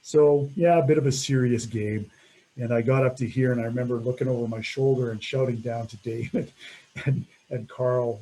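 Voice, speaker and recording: A middle-aged man telling an animated story about a mountain climb, laughing often and acting out what people said. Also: mid-range voice, slightly rough, poor audio. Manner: animated, laughs often, acts out quoted voices. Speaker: mountaineer recounting a first ascent. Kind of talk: storytelling talk.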